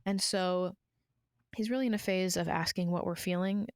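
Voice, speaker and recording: A woman's voice: on the low side, steady tone, normal speed, no echo, studio quality. Chatty young woman podcast host. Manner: warm storytelling, chatty with many "like"s. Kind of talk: casual conversation.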